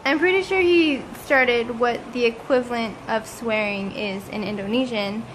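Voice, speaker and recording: A woman travel vlogger telling a dramatic story in a casual, animated way and quoting the people she met. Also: fairly high pitch, moderate pace, a little hiss or hum, rough recording.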